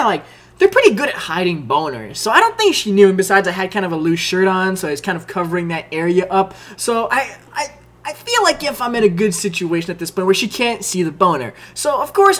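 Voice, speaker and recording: A young man telling a story over gameplay with a lively voice that swings widely in pitch. He rambles, swears constantly and restarts his sentences as he goes. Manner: animated, profane, rambling with many restarts. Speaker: gaming video host.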